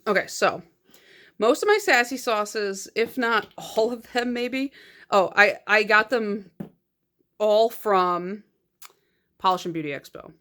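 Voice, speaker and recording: A woman talking casually to her viewers as she goes through her nail polish collection. She is chatty and quick to poke fun at herself, with frequent laughter. Her pitch sits in an ordinary middle range for a woman. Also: bright, forceful tone. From United States. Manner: chatty and self-mocking, laughs often. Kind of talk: casual chat.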